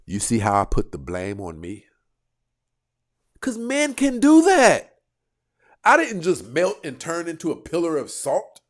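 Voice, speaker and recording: A man hosting a casual livestream, reacting to his chat in a lively voice that jumps up and down in pitch. He talks back to commenters and keeps the commentary loose and conversational. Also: moderate pace, few pauses. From United States.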